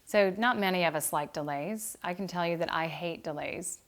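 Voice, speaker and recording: A middle-aged woman gives a calm devotional Bible study lesson. Her voice sits on the low side, and her delivery is gentle and unhurried. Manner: calm and gentle, growing quieter toward a meditative close. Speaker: Bible study author and teacher. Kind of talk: reflective devotional talk.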